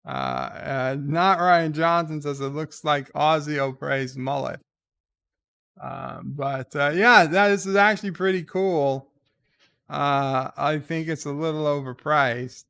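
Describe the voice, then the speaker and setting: Gravelly, slow-talking male stream host. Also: medium pitch, bright, forceful tone, dry recording. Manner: crude, ranting, many fillers and restarts. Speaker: livestream host reading viewer letters. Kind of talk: casual rambling chat.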